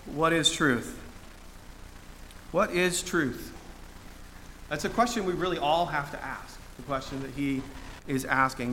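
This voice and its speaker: A man's voice: on the high side, sharp tone, slight background noise. A man preaching a sermon in a conversational way, full of fillers and restarts, with dry humor.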